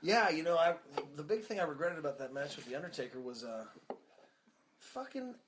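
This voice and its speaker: A man's voice: fairly high pitch, lively intonation, fairly quick, background noise. A man co-hosting a podcast, trading profane, joking banter in casual chat. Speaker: podcast co-host.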